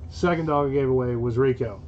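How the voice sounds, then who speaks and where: A man with a Kentucky accent, telling a podcast story in loose, swear-filled chat and laughing now and then. His voice sits at a middle pitch. The recording is a bit dull and carries faint background noise. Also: a little fast, darkish tone. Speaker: podcast co-host.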